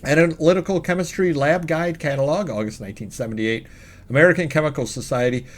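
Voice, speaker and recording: A man's voice: a little high, fast talker. Male co-host, chatty and rambling, fillers and asides while he lists items. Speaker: co-host of a reselling show. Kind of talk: casual chat about sales.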